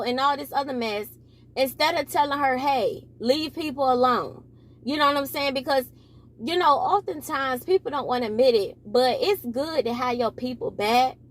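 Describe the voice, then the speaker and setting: Young woman ranting and preaching on camera, slight speech impediment, kinda high voice. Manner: rambling, self-correcting, preachy. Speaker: commentary vlogger. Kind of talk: casual commentary monologue.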